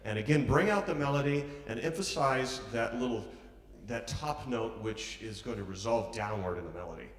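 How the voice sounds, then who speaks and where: A man with a medium-pitched, expressive voice speaks at a moderate pace while teaching a piano master class. He encourages the pianist and hums or counts the phrases aloud as they play through a piece. The recording sounds distant, in an echoey hall, with the piano audible.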